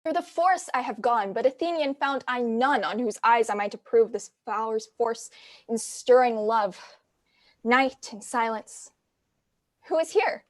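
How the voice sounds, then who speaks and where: A woman playing the mischievous fairy Puck, speaking verse slowly and deliberately in a community theatre reading. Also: a little high, lively intonation, no echo, studio quality.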